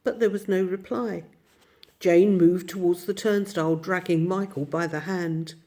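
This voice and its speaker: A woman reading a children's story aloud as narrator, steady and expressive. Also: fairly low pitch, measured pace. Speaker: audiobook narrator.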